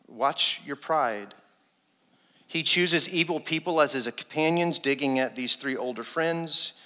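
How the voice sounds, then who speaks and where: A man preaching a sermon as associate pastor, animated and acting out quoted speech, with his voice ringing in a church hall. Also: a little high, measured pace. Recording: long reverb in a church hall.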